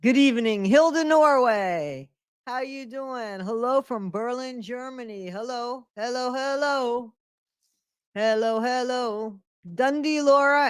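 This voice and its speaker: A woman's voice: high-pitched, clean tone, no room sound, studio quality. A middle-aged woman hosting a casual live stream from home, greeting viewers by name and repeating her phrases. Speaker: livestream host.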